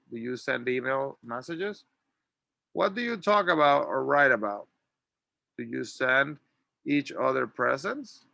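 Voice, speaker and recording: Man, English teacher, gravelly voice, slow deliberate delivery, dry close sound. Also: medium pitch, sharp tone, dry recording. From Latin America. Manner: slow, drawn-out model sentences. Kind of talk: classroom grammar lesson.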